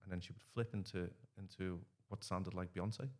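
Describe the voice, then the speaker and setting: A man's voice: sits low, steady tone, moderate pace, a little mellow. A man in his thirties telling rambling stories in a casual podcast chat. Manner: rambling storyteller, acts out quoted dialogue. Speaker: podcast guest.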